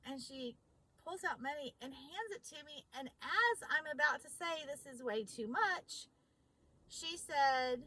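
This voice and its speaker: Woman, husky, higher-pitched, emphatic storytelling vlog. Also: moderate pace, poor audio. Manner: animated, emphatic storyteller acting out both sides of a conversation. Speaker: vlogger.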